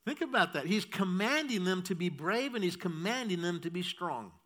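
A male pastor preaching with a high, bright voice. He drives his points home by repeating key phrases and keeps turning to the congregation with questions. His delivery stays firm and urgent. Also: lively intonation, normal speed. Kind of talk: sermon.

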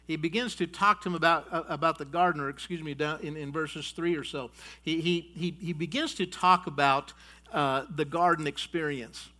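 A man preaching a sermon in a high, bright voice. He hammers home his points through repetition and keeps calling the congregation folks. His voice swells loud on declarations and drops low for asides. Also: steady tone, moderate pace. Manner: emphatic, repeats key phrases, addresses the congregation as folks.

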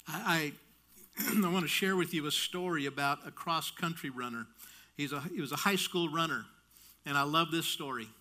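High bright-voiced guy preaching, animated storytelling, lots of restarts. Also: moderate pace. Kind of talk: sermon storytelling.

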